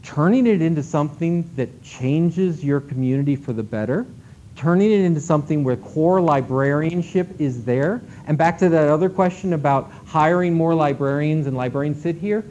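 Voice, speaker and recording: A man giving an animated conference talk to librarians, emphatic and swinging between loud and hushed delivery. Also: a little high, moderate pace. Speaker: keynote speaker at a library conference. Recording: dull lo-fi recording with faint noise.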